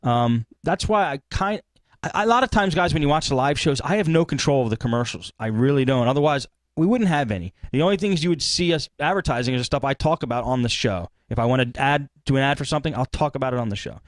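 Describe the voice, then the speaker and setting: A man's voice: mid-range voice, expressive, quick pace, dry recording, studio quality. A man hosting a live tech podcast, ranting casually and animatedly with laughs. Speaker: podcast host.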